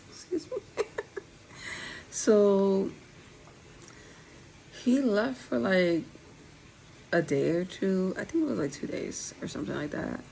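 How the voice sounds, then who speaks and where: Low, gravelly woman with a slight lisp. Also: darkish tone, slight background noise, rough recording. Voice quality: slight lisp from dental aligners. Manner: candid, conversational, direct to viewers. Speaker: vlogger. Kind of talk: casual storytime vlog.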